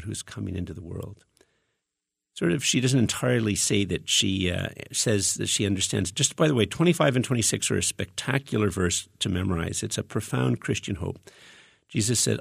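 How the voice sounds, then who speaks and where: A man's voice: fairly low pitch, a little fast, creaky, slightly rough, no room sound, clean studio sound. A man preaching a teaching sermon, reading scripture verses aloud and explaining them in an earnest, conversational way with frequent restarts.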